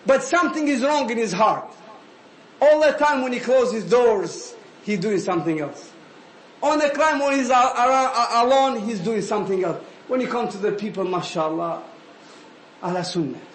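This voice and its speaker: High-voiced preacher in an echoey room. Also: male voice, normal speed. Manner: animated, switching between English and Arabic phrases, calling listeners "habibi". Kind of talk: sermon. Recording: echoey room with faint ambient noise.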